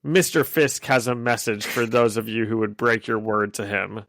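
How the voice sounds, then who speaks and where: A man's voice: fairly low pitch, fairly even intonation, normal speed, gravelly, a bit bright, no echo. A man putting on a menacing woman assassin. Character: menacing woman assassin with a thick foreign accent. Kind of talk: mock reading of a comic panel.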